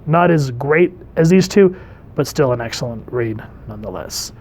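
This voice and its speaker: A man, a dad, casually reviewing an old comic book and reading panels aloud in a chatty, relaxed way. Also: mid-range voice, moderate pace.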